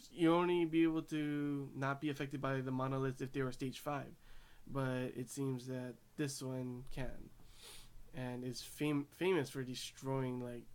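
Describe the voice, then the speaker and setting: Casual male vlogger, mid-pitched, rambling anime recap with lots of ums and restarts. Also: clear, resonant tone. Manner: rambling, many fillers and restarts; gushing about cute scenes. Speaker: anime reviewer.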